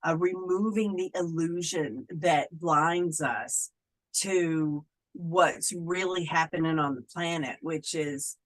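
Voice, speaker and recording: A woman's voice: deep voice, slow, low-quality recording. Middle-aged woman, casual interview guest, chatty, acts out quotes playfully. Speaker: Wiccan clergy guest.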